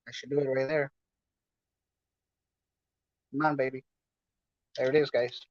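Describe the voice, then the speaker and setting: A man's voice: mid-range voice, little pitch movement, a little slow, no echo. A man from Los Angeles hosting his podcast in a casual, rambling, slangy chat full of fillers. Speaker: podcast host. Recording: dull lo-fi dry sound.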